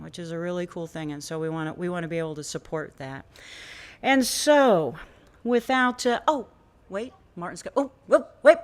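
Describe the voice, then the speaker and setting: A woman hosting a small indoor music cafe, talking into a stage microphone. She introduces the evening in a loose, rambling way, with frequent laughter. Her voice sits slightly high. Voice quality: chatty, rambling, laughing often. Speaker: venue host introducing a performer.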